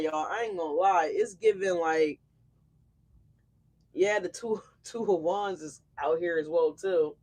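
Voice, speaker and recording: A tarot channel host gives a live reading in a loose, chatty voice of middling pitch. The delivery is gushing and exclamatory, full of slang and casual swearing, spoken straight to the audience. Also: sing-song, measured pace. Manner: effusive, slangy and profane, exclamatory.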